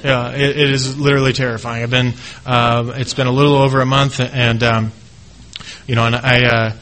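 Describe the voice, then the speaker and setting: A middle-aged man giving a personal testimony speech about his recovery. He talks earnestly and haltingly, with many restarts. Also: medium pitch, flat delivery, fairly bright tone, rough recording. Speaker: speaker sharing his recovery story.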